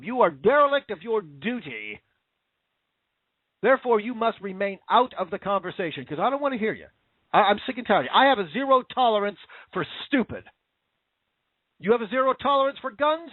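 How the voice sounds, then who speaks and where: A man's voice: extremely high pitch, dry recording. A man hosting a show, ranting in angry, sarcastic political commentary. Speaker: podcast host. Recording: tinny phone-like dry audio.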